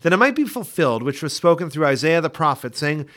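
A man reading Bible passages aloud for a daily scripture podcast, in a measured, expressive way. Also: a little high. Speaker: scripture reader.

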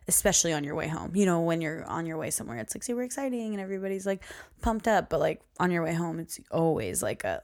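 A woman's voice: fairly low pitch, lively intonation, fast, a little mellow. A young woman hosting a podcast, telling a story in a chatty, rambling way and laughing often. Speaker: podcast host. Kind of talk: casual solo podcast storytelling.

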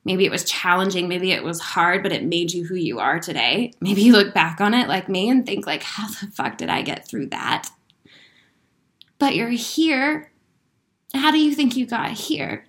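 This inspirational speaker talks directly to her viewers in an emotional, spiritual motivational message, heartfelt and earnest, cursing casually and laughing through her feelings. Her voice is middle-pitched and fairly bright, at a moderate pace.

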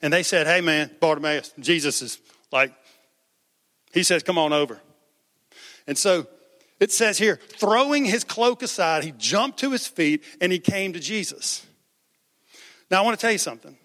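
A man's voice: high-pitched, lively intonation, moderate pace, pauses often, pushed and bright, in a large hall. A man preaching a sermon as pastor, conversational, raising his voice for quoted cries.

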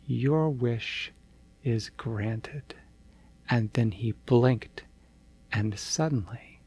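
A man reading a bedtime story aloud in a gentle, unhurried storytelling manner. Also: medium pitch, gravelly.

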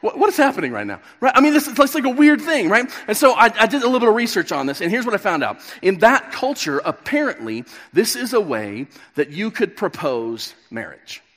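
Pastor in his thirties, high-pitched, animated storyteller, preaching in a big echoing hall. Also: brisk, hardly any pauses. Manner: storytelling, acts out the characters' lines. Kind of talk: sermon. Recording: long reverb of a large hall.

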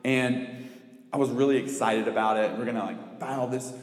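A man's voice: medium pitch, steady tone, moderate pace. A young man, a campus minister, giving a sermon in a casual, self-mocking storytelling way, full of "like". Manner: chatty, self-mocking, lots of "like". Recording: echoey hall, long reverb.

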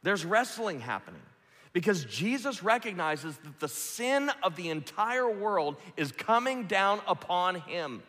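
A man preaching with passion, his voice climbing to loud peaks and then dropping to a near-hush. His voice sits a little higher than most men's and rings out with a long hall reverb behind it. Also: big pitch swings, unhurried. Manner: impassioned, swinging from loud peaks to hushed lows. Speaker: pastor. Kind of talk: sermon.

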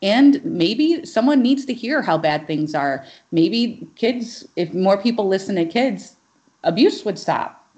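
A woman's voice: medium pitch, expressive, measured pace, a little mellow, dull audio. A woman in casual podcast conversation, speaking earnestly and emphatically, often saying "like".

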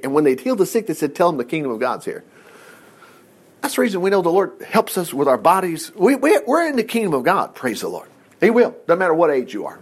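A man in his fifties preaching a conversational, animated sermon and acting out the quotes he reads. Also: on the high side, slightly rough. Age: 50s.

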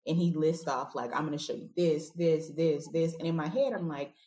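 A woman's voice: sits low, normal speed, warm tone. A woman guest telling a story in a casual, laughing way on a podcast. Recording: roomy echo.

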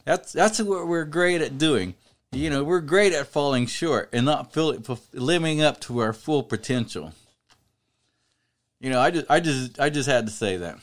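A man with a fairly high voice teaches from scripture in a loose, conversational way. He leans on fillers and restarts, then works himself up into emphatic, preacher-like declarations. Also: expressive, a little slow. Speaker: Bible teacher. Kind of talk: informal Bible study talk.

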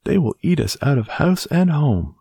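A very old woman from a storybook, as a male narrator puts her on, lifting her voice high and exclaiming in a fussy, scolding way. She sounds fretful and bothered, with a breathy, husky edge. The recording is dry and close. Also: big pitch swings, moderate pace, mellow, no room sound, exaggerated voice. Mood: worried.

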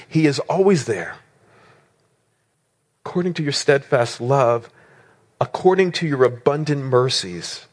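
A man preaching a sermon with a voice of middle pitch. He drives his points home with rhetorical questions and strings of words, and he rises and falls in pitch for emphasis.

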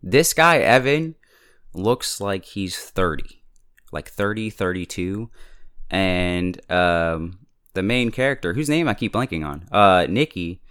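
Chatty low-voiced man recapping a show. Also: animated, slow, a bit bright, clear, resonant tone. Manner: chatty, filler-heavy, laughs often. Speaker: TV episode reviewer. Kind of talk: casual recap commentary.

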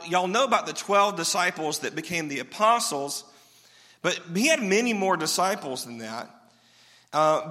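A man's voice: on the high side, bright, forceful tone, in a large hall. A pastor giving a sermon in a casual, joking way, often asking his listeners questions. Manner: conversational, joking, asks the crowd questions.

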